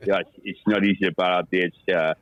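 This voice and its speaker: A man's voice: low-pitched, fairly even intonation, quick pace, dry recording, dull audio, voice pushed down, natural voice. A man doing an impression of a laid-back male South African cricketer, with a South African accent.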